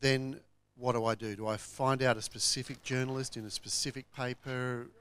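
A man's voice: mid-range voice, level tone, moderate pace, fairly bright tone, clear, resonant tone. A man in a workshop asking questions into a handheld microphone, hesitant and searching for words. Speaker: workshop participant.

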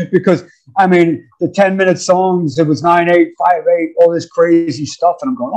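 A husky-voiced man in his fifties with a New York accent tells stories in a relaxed interview. His voice sits fairly high for a man, and he acts out counts and quoted lines, often dropping "man" into his sentences. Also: moderate pace, poor audio. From United States. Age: 50s. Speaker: guest musician. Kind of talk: casual interview storytelling.

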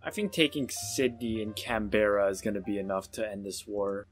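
A man giving casual, sarcastic let's-play commentary on a strategy game, with excitable outbursts and self-mocking asides. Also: lowish voice, normal speed, faint music behind. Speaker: gaming YouTuber.

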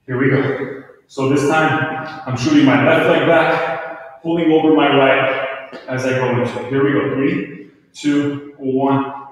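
A man's voice: mid-range voice, fairly bright tone. Guy coaching a workout, counting reps, kinda breathless, far off the mic in a big echoey room. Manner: counts reps aloud, brisk motivating cues. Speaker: fitness instructor. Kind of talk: live home workout coaching.

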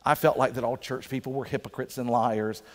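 A male pastor preaching a sermon in a conversational way, slowing down for emphasis. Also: medium pitch, fairly even intonation. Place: church sanctuary. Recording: reverberant church sanctuary.

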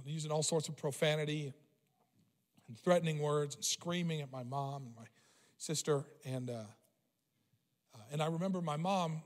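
Man preaching in a reverberant hall. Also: a little high. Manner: storytelling, conversational with many fillers and restarts. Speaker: pastor. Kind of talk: sermon. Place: church sanctuary.

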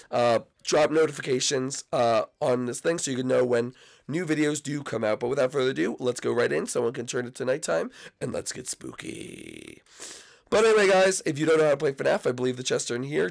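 A sick man with a gravelly, creaky voice talks through a video game. He is excitable and rambling, and his voice sounds worn down by his cold. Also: medium pitch, fast talker. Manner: excitable, rambling, shouts out to friends. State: sick, coughing. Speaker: YouTube gaming host. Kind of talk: Minecraft gameplay commentary.

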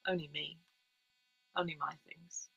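A young woman reading her own literary piece aloud in a measured, quiet first-person voice. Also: deep voice, steady tone, breathy edge, dull audio. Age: young adult.

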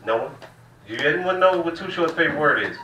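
Brief: male comic, bright loose delivery, roomy distant live-room sound. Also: on the high side, lively intonation, quick pace. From Southern United States. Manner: loose, profane, drawling storytelling. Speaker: stand-up comedian. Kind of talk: stand-up set. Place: small cafe room used as comedy venue. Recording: roomy room, distant mic, faint hiss.

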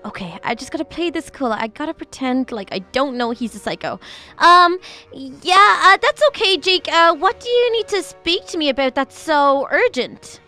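Very high, bright-voiced anxious woman. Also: expressive, normal speed, soft background music. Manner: anxious, rambling self-talk with many fillers and restarts. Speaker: channel host playing her own character. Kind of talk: Minecraft roleplay narration and voice acting.

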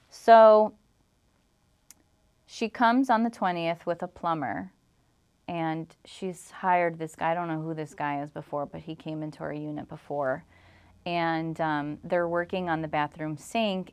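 A woman's voice: deep voice, steady tone, unhurried, darkish tone, smooth. A young woman from Illinois telling an emotional personal story as an interview guest, rambling with many "like"s and acting out what others said. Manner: rambling storytelling, full of "like", acts out quoted exchanges.

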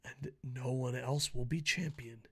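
A man rants his way through a wrestling preview, swearing constantly and mocking as he goes. His voice is bright and forceful, and it swings from loud outbursts down to low, hushed mutters. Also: fairly even intonation, unhurried, husky. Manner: profane, mocking, jumps from shouting to mutters. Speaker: wrestling vlogger. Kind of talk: casual wrestling preview rant.

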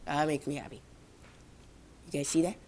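At home indoors, a young gaming vlogger chats casually over a video game, rambling, poking fun at herself, and talking to viewers. Her voice is low-pitched, a little slow, creaky, and darkish, with a little hiss or hum.

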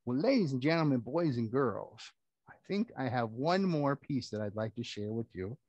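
A man's voice: mid-range voice, animated, normal speed, darkish tone, dry recording, highs cut off. A man performing a children's puppet show, telling rhymes in a playful, theatrical way. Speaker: puppeteer and storyteller.

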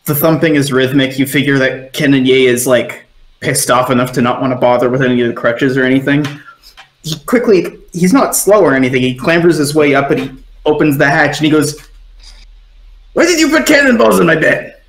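A man narrating as game master of a tabletop game, relaxed and rambling with plenty of fillers. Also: medium pitch, fairly quick, reverberant, rough recording.

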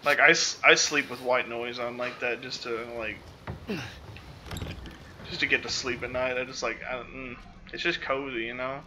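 Male let's-play host; very bright voice, rambling, filler-heavy casual commentary. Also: mid-range voice, fairly even intonation, moderate pace, a little hiss or hum. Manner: rambling, full of "like" fillers, self-interrupting.

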